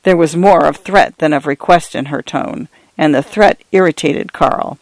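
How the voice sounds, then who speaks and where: A man reads a story aloud in a measured audiobook style, giving the characters' lines a light touch of voice. His voice sits a little high. The sound is close and dry, with no room around it. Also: dry recording. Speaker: audiobook narrator. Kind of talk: scripted narration.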